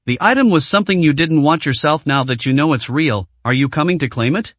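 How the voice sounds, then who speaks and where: A man's voice: a little high, brisk, dry recording, lightly acted. A man doing a cold, composed young man. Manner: calm, curt.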